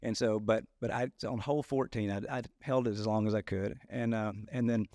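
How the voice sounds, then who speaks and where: A man co-hosting a podcast, telling a story in a halting way, repeating words and laughing as he goes. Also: lowish voice, steady tone, a little mellow, no room sound, studio quality. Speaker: podcast co-host. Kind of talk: casual storytelling chat.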